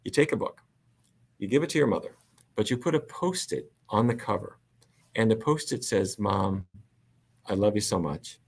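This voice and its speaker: A middle-aged man, a physician guest, telling stories in a relaxed, animated way with frequent laughs. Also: on the low side, moderate pace, pauses often, breathy edge. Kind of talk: conversational storytelling.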